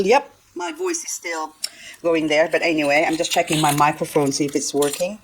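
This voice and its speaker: A woman's voice: low-pitched, lively intonation, a little fast, slight background noise, poor audio. An older woman, chatting nonstop and giggling as she cleans up her plants for a gardening vlog. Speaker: gardening vlogger. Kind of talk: casual chat while working.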